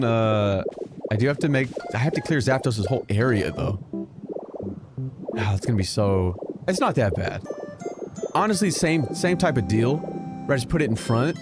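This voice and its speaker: A man streaming a video game, chatting casually, joking and swearing freely as he plays. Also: mid-range voice. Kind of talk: casual gameplay commentary. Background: game music.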